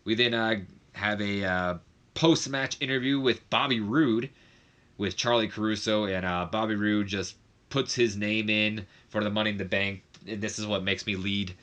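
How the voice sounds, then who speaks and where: A young man gives casual game commentary in a fairly low, bright and forceful voice. He rambles in a friendly way, drops plenty of fillers and corrects himself mid-sentence. Now and then he slips into quick mock voices of the people he talks about. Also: steady tone. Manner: chatty, frequent fillers and self-corrections.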